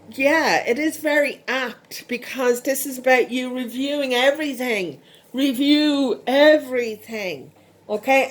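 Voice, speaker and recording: A middle-aged Irish woman giving a casual tarot reading, repeating her advice and checking in with "okay?". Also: a little high. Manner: repetitive, coaxing, frequent "okay?". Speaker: tarot reader.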